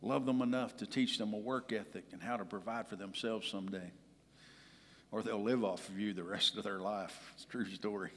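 A man preaching a sermon as pastor, telling personal stories and swinging from loud to hushed. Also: fairly low pitch, fairly even intonation, brisk, in a large hall, a little hiss or hum. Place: large church hall.

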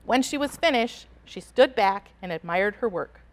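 A woman reading a picture book aloud to children in an expressive, animated storytelling voice. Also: mid-range voice, moderate pace. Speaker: storybook reader.

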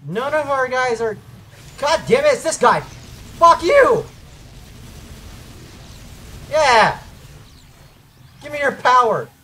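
A young man commentating his own gameplay, breaking into loud, swearing, frustrated outbursts. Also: very high-pitched, animated, measured pace, pauses often, slight background noise. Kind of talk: gaming commentary.

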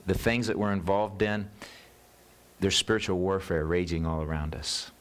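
An American man preaching a sermon as pastor, telling a story in an unhurried, earnest way. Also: deep voice, fairly bright tone.

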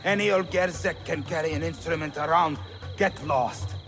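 A man's voice: on the high side, moderate pace, fairly bright tone, faint music behind. An actor playing a curt, scornful male palace guard in a video game.

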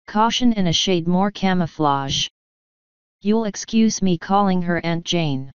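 Audiobook narrator, woman, low-pitched, smooth and clear, close dry sound, slightly dull. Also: no echo. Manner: measured, steady reading, voicing each character in turn. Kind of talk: scripted narration.

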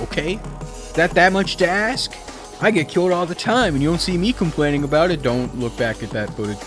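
A young man talks over his gameplay in a loose, rambling way, joking at his own expense. His voice sits a little higher than most men's. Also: sing-song, normal speed, a bit bright, soft background music. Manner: rambling, jokey, self-mocking. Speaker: gaming video creator. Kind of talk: casual gameplay commentary.

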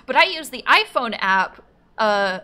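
A woman's voice: on the high side, sing-song, measured pace, bright, forceful tone. A woman streamer chatting casually on a live stream, playful and profane as she reads out chat and thanks subscribers.

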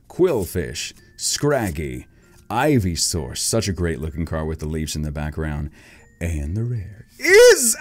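Man, lower register, very lively delivery; hyped YouTuber unboxing cards with excited callouts and faint music behind. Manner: excitable, calls out each card, big gasps at rare pulls. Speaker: card-opening YouTuber.

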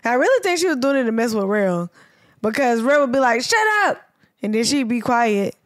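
Storytelling woman, high-pitched, dry sound. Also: expressive, brisk, no room sound. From American South. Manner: storytelling, acts out quotes in a raised voice. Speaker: podcast co-host. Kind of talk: casual chat.

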